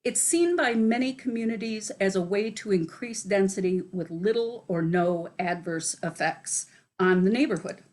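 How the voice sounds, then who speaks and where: A woman from city staff giving a prepared presentation, steady and read from notes. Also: medium pitch, normal speed. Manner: steady, reads from prepared remarks.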